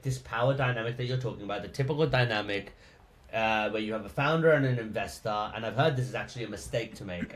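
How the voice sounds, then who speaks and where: Mid-pitched man hosting an interview. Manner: hedged questioning, checks his assumptions. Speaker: podcast host. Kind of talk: casual interview questions.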